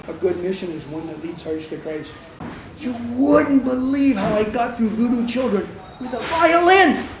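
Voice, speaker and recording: A man working as a missionary, speaking in an interview in an earnest, emphatic way, often repeating himself for stress. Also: high-pitched. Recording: echoey room, faint noise.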